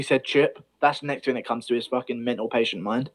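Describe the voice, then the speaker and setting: A man's voice: medium pitch, a little fast. Profane rambling man. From Britain. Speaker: stream host. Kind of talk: casual livestream chat.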